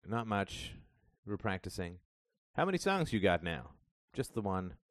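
A man's voice: low-pitched, sing-song, measured pace, fairly bright tone, dry recording, studio quality, full character voice. A man voicing a wary young son. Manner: guarded, then cursing. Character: young adult son, bass player, wary and angry.

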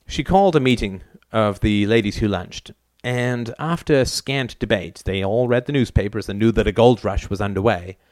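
Wry low-voiced male narrator. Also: normal speed, a little mellow, no room sound. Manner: wry, dry storytelling. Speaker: audiobook narrator. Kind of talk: novel narration.

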